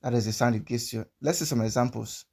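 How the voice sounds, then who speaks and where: A man's voice: medium pitch, fast talker, a little mellow, breathy edge. Patient male language teacher drilling sounds. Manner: patient, repeats example words many times. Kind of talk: instructional explanation with repeated pronunciation drills.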